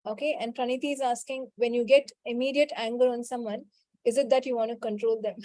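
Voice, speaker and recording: A woman leads a spiritual coaching call, answering participants and repeating a quick clearing chant. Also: on the high side, steady tone, no room sound. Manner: answers participants' questions directly, scolding gently. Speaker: healing call facilitator.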